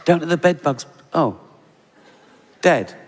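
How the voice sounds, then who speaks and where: A man's voice: fairly high pitch, lively intonation, takes it slowly, in a large hall. A man doing a stand-up routine, sarcastic and profane, with mock exasperation. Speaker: stand-up comedian. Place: live comedy stage. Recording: live stage recording with loud background noise.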